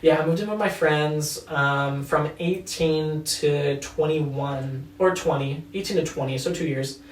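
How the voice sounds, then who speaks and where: A young man recounts his own story as an interview guest, candid and animated and quick to swear. His voice sits in the middle range. The recording is echoey, and he sounds a little far from the mic. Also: on the high side, a little hiss or hum. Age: young adult. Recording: echoey room, distant mic.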